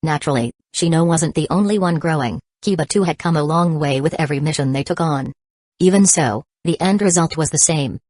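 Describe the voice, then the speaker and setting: A woman narrating a novel as an audiobook in an even, steady reading manner. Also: low-pitched, fairly quick, no echo.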